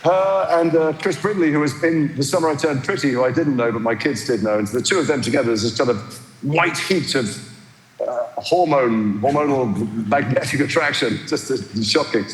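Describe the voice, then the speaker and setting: A middle-aged man, a guest actor, telling animated anecdotes with many restarts. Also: medium pitch, normal speed. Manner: animated, chatty storyteller with restarts. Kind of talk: anecdotal chat. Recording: echoey live hall.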